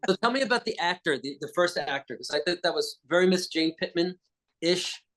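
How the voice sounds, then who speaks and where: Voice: mid-range voice, animated, a little fast, a bit bright. A festival interviewer speaking over a video call from rural Virginia, chatty, laughing often and praising the guest's work.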